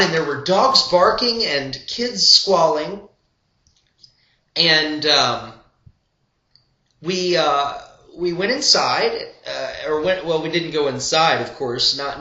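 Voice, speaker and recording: An older man spins a meandering, humorous yarn, his voice pitched high and bright. He keeps drifting into side stories before finding his way back. The recording has a roomy echo and sounds a little dull. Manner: meandering, full of digressions and asides. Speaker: storyteller and old-time fiddler. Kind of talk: rambling humorous storytelling. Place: at home.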